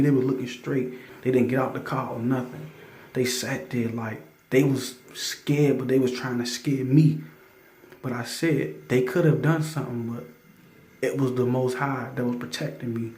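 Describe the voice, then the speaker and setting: A man telling a spiritual testimony in casual talk, stammering through restarts and breaking into loud scripture readings. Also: medium pitch, steady tone, normal speed. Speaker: testimony storyteller. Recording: roomy echo.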